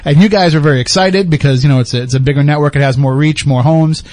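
A man's voice: on the high side, a little mellow, no echo. A man hosting a casual podcast chat who likes to tease his guests. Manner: fast-talking and teasing. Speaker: podcast host.

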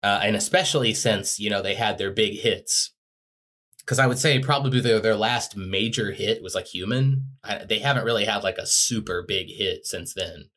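Rambling low-voiced podcast guy. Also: moderate pace, fairly bright tone. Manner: rambling, self-correcting, jokey. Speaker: podcast co-host. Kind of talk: casual music chat.

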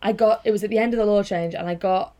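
A woman with a mid-pitched voice speaks earnestly as a podcast guest. She is reflective and candid and swears casually without any fuss. Her tone stays warm and conversational. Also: steady tone, quick pace. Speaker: guest activist.

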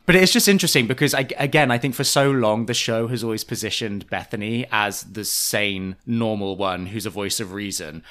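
A man's voice: fairly low pitch, brisk, few pauses, a bit bright. A man co-hosting a podcast, chatting casually and recounting scenes with amusement. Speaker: podcast co-host. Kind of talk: casual chat.

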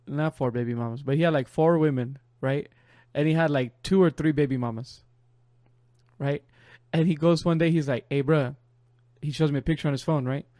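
A young man chatting on a podcast and spinning a long, meandering story, with a slightly high-pitched voice that sits close to a dry microphone. He keeps breaking into laughs and drops low whenever he quotes someone. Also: a little mellow, no room sound. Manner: rambling, laughs often, quotes others in a low voice. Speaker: podcast co-host. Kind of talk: casual storytelling chat.

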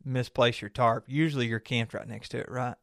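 A man's voice: medium pitch, fairly even intonation, a little fast, creaky, fairly bright tone, no room sound, clean studio sound. A man co-hosting a casual outdoors podcast, telling rambling stories and laughing often. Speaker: podcast co-host. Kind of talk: casual chat.

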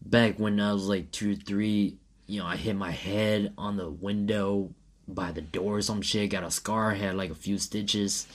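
Animated slangy man telling a story. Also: on the low side, unhurried. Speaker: storyteller in casual chat. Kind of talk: casual chat.

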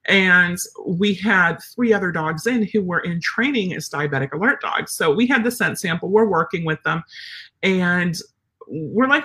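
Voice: mid-range voice, moderate pace. A dog trainer chatting casually on a live stream, answering viewer comments and acting out little dialogues. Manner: animated, chatty, acts out dialogues.

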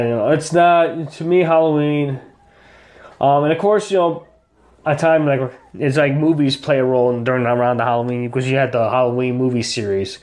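A man's voice: medium pitch, a little mellow. A man in casual podcast chat, rambling with plenty of fillers and restarts. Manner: rambling, filler-heavy, hesitant. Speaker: podcast co-host.

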